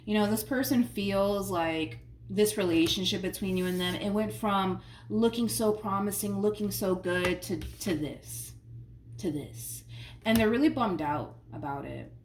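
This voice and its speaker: Woman tarot reader, casual, slangy, emphatic repeats; mid pitch, distant mic. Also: normal speed, hardly any pauses. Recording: roomy sound from a distant mic, faint noise.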